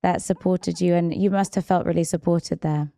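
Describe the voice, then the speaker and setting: A woman hosting a podcast interview, asking gentle, sympathetic questions. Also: lowish voice, fairly even intonation, moderate pace, vocal fry, no echo, clean studio sound. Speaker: podcast host.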